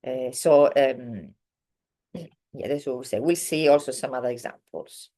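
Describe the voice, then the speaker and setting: A woman's voice: a bass voice, measured pace, warm tone. A woman teaching a grammar lesson in English, hesitant and full of fillers and self-corrections. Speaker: Italian teacher. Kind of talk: slow explanatory grammar lesson.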